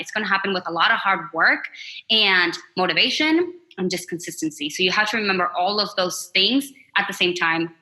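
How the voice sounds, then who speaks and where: A woman talking as a podcast guest, sharing openly in a heartfelt, expressive way. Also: medium pitch, fairly quick, poor audio. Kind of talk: casual interview chat.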